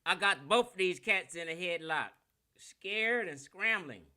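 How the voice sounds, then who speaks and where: A man's voice: high voice, lively intonation, unhurried, sharp tone, clean tone. A man with a Californian accent giving a brash, combative and profane lecture on a livestream while sharing his screen. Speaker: online lecturer.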